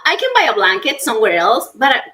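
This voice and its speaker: Woman, strong Mexican accent, business owner as guest, higher voice, lively, mixes in Spanish words. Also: fast talker. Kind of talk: casual interview chat.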